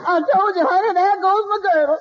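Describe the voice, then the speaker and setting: An actress playing a devoted, easily flustered maid in a 1940s radio sitcom, who keeps calling everyone honey, on a dull old broadcast recording. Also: female voice, very high voice, brisk. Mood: fussing. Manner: calls everyone honey, excitable.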